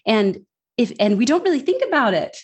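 An American woman talking as an interview guest, speaking in an animated, emphatic way. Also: a little high, a little fast, breathy edge. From United States. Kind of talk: podcast interview.

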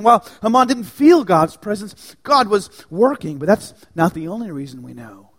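Impassioned male preacher, wide-ranging pitch. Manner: dynamic preaching, dropping to near-whispers and rising to shouts. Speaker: pastor. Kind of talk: sermon.

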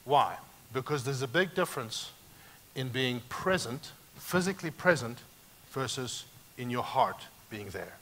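A man pastor preaching a sermon, emphatic and animated, moving sharply between loud and quiet passages. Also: mid-range voice, a little slow, a little hiss or hum.

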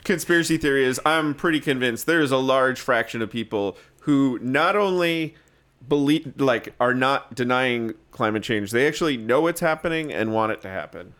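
A man speaks at a middle pitch in casual podcast talk. He explains his point step by step in a deliberate way. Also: expressive, fairly bright tone. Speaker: podcast co-host. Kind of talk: casual comedy chat.

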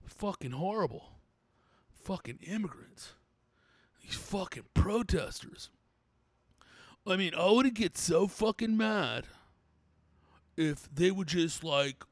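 A man's voice: high-pitched, fairly bright tone, no room sound, clean studio sound. A man voicing a bitter, foul-mouthed middle-aged man who rants and keeps raising his voice. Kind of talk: comedic character rant.

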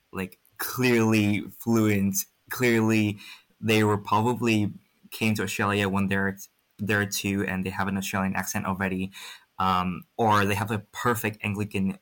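A young Vietnamese man, a native speaker of Vietnamese, speaks English with an American-influenced accent. His voice is fairly low and a bit bright, and he answers interview questions frankly, using lots of fillers.

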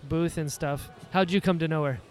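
A man's voice: fairly high pitch, moderate pace, soft background music. A man hosting a podcast, interviewing guests at a convention booth in an easygoing, agreeable way. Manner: easygoing, agreeable, laughs often. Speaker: podcast host.

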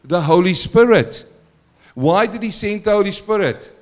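A man pastor preaching a sermon, animated and questioning his congregation, shifting between loud exclamations and quiet asides. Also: sits high, moderate pace.

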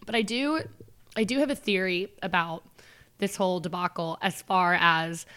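A woman co-hosting a podcast in casual chat, animated and laughing, acting out little scenes in voices. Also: on the low side, normal speed, smooth. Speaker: podcast co-host.

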